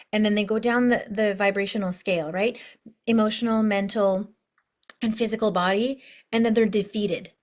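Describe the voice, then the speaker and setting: A woman life coach teaching an online course lesson in a bubbly, chatty way, full of asides. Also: medium pitch.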